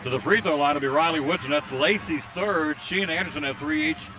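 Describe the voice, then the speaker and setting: A man calling a high school basketball game play by play from courtside, reading out scores and listener greetings. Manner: rapid excited calls during fast plays, reads out listener greetings. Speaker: play-by-play announcer. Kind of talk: live basketball play-by-play commentary. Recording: faint crowd noise at a game.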